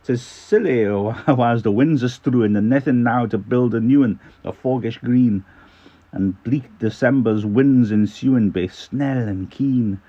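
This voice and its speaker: A man's voice: medium pitch, muffled recording, lightly acted. A man putting on a Scottish poet's lilting recitation. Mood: reciting. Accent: put-on Scottish. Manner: slow, lilting poetry recitation. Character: Scottish farmer poet, adult man, gently apologetic.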